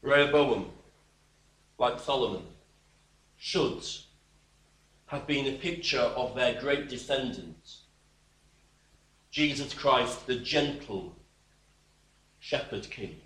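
A man's voice: medium pitch, animated, slow pace, pauses often, fairly bright tone. A man preaching a sermon that explains scripture. He talks emphatically and expressively, with wry, dismissive asides. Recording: echoey room, voice heard from away from the mic.

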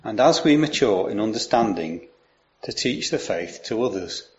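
A man preaching a sermon, explaining and reading scripture aloud in a measured way. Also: fairly low pitch, animated, dull audio.

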